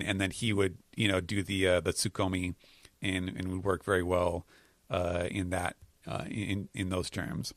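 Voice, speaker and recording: A man's voice: low-pitched, fairly even intonation, moderate pace, fairly bright tone, no echo, studio quality. A man hosting a casual podcast chat, explaining things hesitantly with many fillers and restarts. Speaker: podcast host. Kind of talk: casual chat recapping comics.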